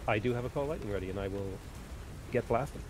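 Man, tabletop player, low pitch, matter-of-fact, faint noise behind. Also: quick pace. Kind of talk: casual chat at a game table.

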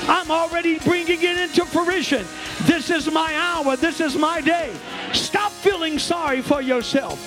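A male bishop preaching a sermon in a church, leading the congregation through call-and-repeat declarations that swell into shouts. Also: very high-pitched, fairly even intonation, measured pace, over music. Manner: joking asides to the congregation. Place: church sanctuary.

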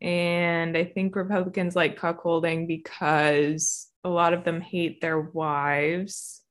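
Slow-talking young woman, giggly. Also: lowish voice, flat delivery. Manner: laughs often, loose and rambling. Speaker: podcast co-host. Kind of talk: casual comedic chat.

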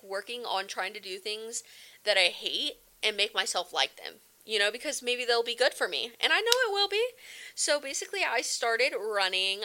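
A young woman hosting a casual podcast, talking in a rambling, slangy, animated way. Her voice sits a bit high and sounds very bright. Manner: chatty, animated, lots of slang and fillers. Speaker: podcast host. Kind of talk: casual chat.

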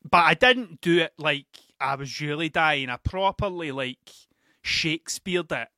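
A man's voice: fairly high pitch, expressive, unhurried, pushed and bright, dry recording, studio quality. A Scottish man, a father, telling a rambling, self-mocking story on his podcast, swearing freely and repeating himself. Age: adult father. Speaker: podcast host. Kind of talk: casual storytelling monologue.

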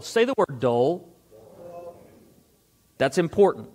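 A man's voice: fairly high pitch, lively intonation. A male pastor preaching a sermon, reading scripture aloud and asking the congregation rhetorical questions. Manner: reads scripture aloud, slows for stressed words.

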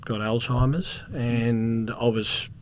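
In a slow, fairly even medium-pitched voice over a slight hiss, a middle-aged Australian man shares meandering tales on a podcast. He used to be a police officer and a security contractor, and the laid-back interview is punctuated by the odd cough.

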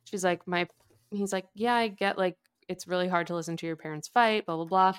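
A woman's voice: fairly low pitch, fairly even intonation, a little fast, clear, resonant tone. A woman co-hosting a podcast, casually recapping a book chapter in chatty talk full of "like" and "basically". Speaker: podcast co-host. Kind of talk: casual book-club chat.

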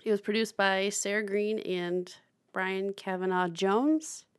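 A woman's voice: mid-range voice, fairly even intonation, a little slow, clean tone. A young woman co-hosting a film podcast, chatting casually with lots of fillers, restarts and laughter. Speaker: podcast co-host. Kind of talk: casual chat about films.

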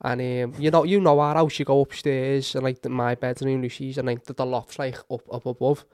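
A young man telling a story in casual chat among friends, swearing and acting out shouts. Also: medium pitch, a little fast, no echo, studio quality. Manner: animated storytelling, swears a lot, acts out shouts.

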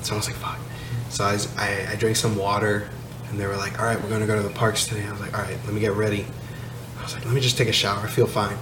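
A man's voice: on the low side, flat delivery, fast, over music. A man casually telling a story on a podcast, laid-back and swearing, laughing as he goes. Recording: echoey room, slight noise.

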